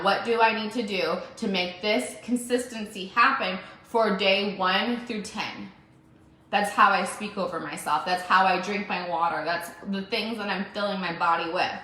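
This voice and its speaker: A woman's voice: medium pitch, moderate pace, pushed and bright. A young woman giving an emphatic motivational talk in her own vlog, repeating phrases for stress. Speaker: entrepreneur vlogger. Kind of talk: motivational self-recorded vlog. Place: home room with dogs. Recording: very echoey room.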